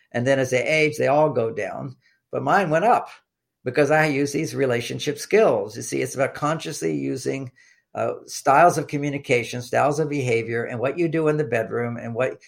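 Animated man telling stories in an interview. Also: mid-range voice, gravelly. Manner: animated storyteller who acts out quoted dialogue; repeats words when starting sentences. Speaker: relationship author and podcast guest. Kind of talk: conversational interview, anecdotal teaching.

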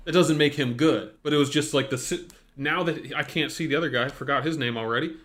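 A man's voice: a little high, quick pace, a bit bright. Rambling, blunt male podcast co-host. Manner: blunt, rambling, jokey, full of fillers and restarts. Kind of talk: casual football chat.

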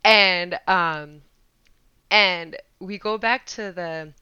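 Woman telling a story, bright crisp voice, dry kinda lo-fi sound, casual and laughing. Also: fairly low pitch, drawn-out words, dry recording. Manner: animated, laughing, slangy storytelling. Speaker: podcast co-host, Air Force veteran.

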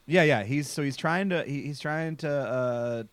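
A man's voice: fairly high pitch, a little slow, no echo. A man hosting a podcast, recapping a TV episode in casual, jokey chat full of fillers and swearing. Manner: rambling, profane, jokey, lots of fillers. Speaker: podcast host recapping a show.

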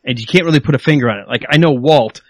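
A male podcast host chats casually in a plain, mid-pitched voice, playful and prone to laughing. The sound is dry and close, with no room around it. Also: very fast, no room sound. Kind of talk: casual chat.

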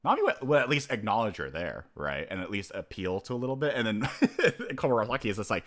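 A man co-hosting a podcast in casual chat, animated, acting out characters' lines and his own reactions and laughing often. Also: fairly low pitch, fast talker. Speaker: podcast co-host.

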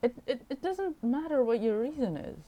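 A woman's voice: high-pitched, expressive, warm tone, rough recording. A woman co-hosting a casual chat podcast, teasing the others, riffing on their remarks and often cutting in. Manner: teasing, quick to interrupt and riff. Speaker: podcast co-host.

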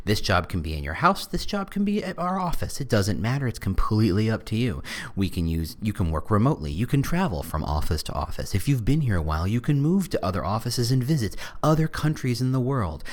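A man voicing an overeager male recruiter who piles on praise for a dream job in an over-the-top sales pitch. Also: very animated, fairly quick, darkish tone. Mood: gushing.

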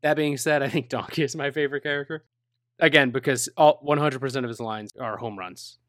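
A man's voice: medium pitch, brisk, a bit bright, no room sound, clean studio sound. A man in a casual movie discussion, earnest and opinionated, talking in long stretches.

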